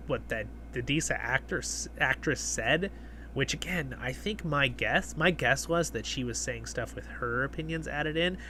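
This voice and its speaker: With slight background noise behind him, a male livestream host chats casually and reads viewer comments aloud. His medium-pitched voice sounds pushed and bright, and he rambles with fillers and restarts.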